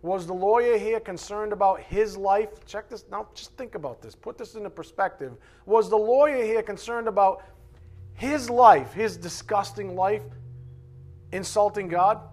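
A man preaching an expository sermon, animated, mocking the voices of his opponents and shouting for emphasis. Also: sits high, moderate pace.

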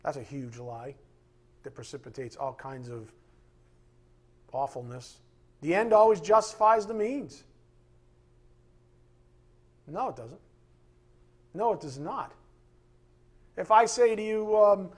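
Guy preaching, gets fired up, kinda husky and highish voice. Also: expressive, slow, long pauses. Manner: emphatic, impassioned, acts out quoted voices. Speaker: pastor. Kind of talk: sermon.

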